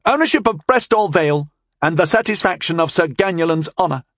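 A man doing a haughty teenage squire, pitched high. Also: lively intonation, brisk, fairly bright tone, dry recording, studio quality. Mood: indignant formal. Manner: stiff, formal and indignant. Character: haughty hot-headed teenage male squire.

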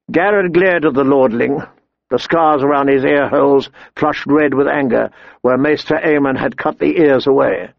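A man reading an audiobook in a measured storytelling manner. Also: medium pitch, gravelly, no room sound, lo-fi sound. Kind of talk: audiobook narration.

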